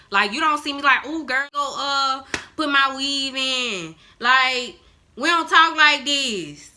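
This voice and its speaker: A woman's voice: medium pitch, pushed and bright. A woman vlogger telling a story in casual chat, blunt and profane.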